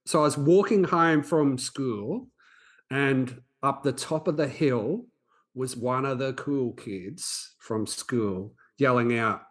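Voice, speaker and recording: A man's voice: medium pitch, moderate pace. A man, hosting a podcast and telling a personal story in an earnest, reflective way with frequent restarts. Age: 40s. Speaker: podcast host.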